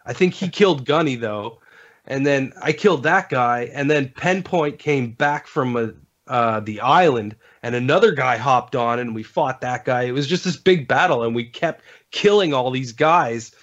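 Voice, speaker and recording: A man guesting on a podcast who rambles through his gaming stories in loose, casual talk, full of ums and restarts. His voice sits at an ordinary middle pitch. The recording sounds dull and lo-fi. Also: normal speed, fairly bright tone. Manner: rambling storyteller, many fillers and restarts.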